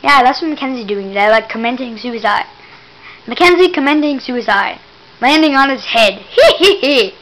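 A woman giving casual gameplay commentary, excitable and teasing, exclaiming again and again and mock-scolding the player. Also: a little high, normal speed, poor audio.

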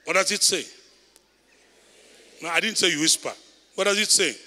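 Kenyan bishop preaching, tense bright voice. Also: male voice, high voice, moderate pace. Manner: preaching loudly, calling out to the congregation. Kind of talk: sermon. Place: large church hall. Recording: echoey church hall.

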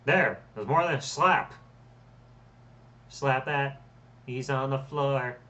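A man hosting a let's play, commenting on his match with loud, swearing reactions. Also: medium pitch, slow pace, long pauses, distant mic, dull audio. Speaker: gaming channel host.

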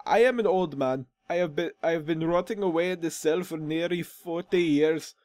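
A man's voice: fairly high pitch, lively intonation, dark tone. A man voicing a frail, weary old male prisoner in a put-on accent, reading game dialogue. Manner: a put-on odd accent, halting delivery. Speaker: gaming commentator voicing a game character.

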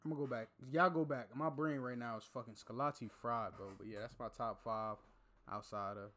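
A man's voice: medium pitch, steady tone, fairly quick, pushed and bright. A man hosting a reaction video, talking casually and profanely, often trailing off while he thinks aloud.

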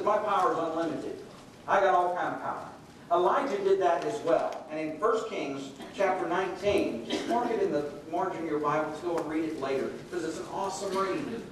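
In a church sanctuary, a middle-aged male pastor with a high voice preaches a sermon, telling the story and acting out the quoted voices. The recording is echoey, as if from far off in a hall, with slight background noise.

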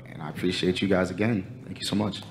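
Very deep-voiced man greeting an audience. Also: fairly even intonation, some chatter behind, a little hiss or hum. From Shinnecock Nation, Long Island, New York. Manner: grateful, formal and measured. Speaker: lead singer of a drum group. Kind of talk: formal stage greeting. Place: TV studio before a live audience.

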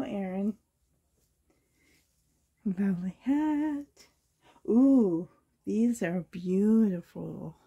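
A hoarse woman from Canada gushing with delight as she unboxes a reborn doll trade for her vlog. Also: medium pitch, mellow. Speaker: reborn doll collector vlogger.

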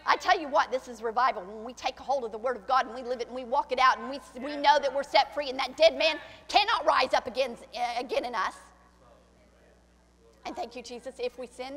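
A woman pastor preaching a sermon, swinging from soft, confiding lines to shouted ones and acting out the voices she quotes. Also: high voice, a little fast. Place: church sanctuary. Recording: church hall with long reverb.

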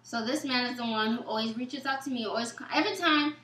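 Bright-voiced woman telling a story, echoey room. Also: a little high, fast. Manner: animated, acts out quoted texts and dialogue; casual, informal speech. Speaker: guest. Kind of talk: storytelling in a Q&A chat.

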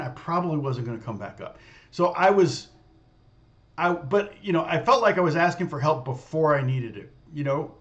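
A man's voice: on the high side, lo-fi sound. A man telling a personal story in a casual, rambling way, full of restarts and fillers. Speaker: guitar teacher.

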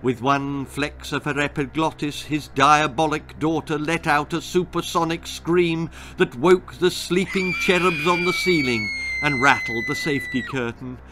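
A man's voice: fairly high pitch, fairly even intonation, measured pace, few pauses, over music, rough recording. A man reading his own darkly comic children's story aloud, relishing the grisly turns in a storybook narration.

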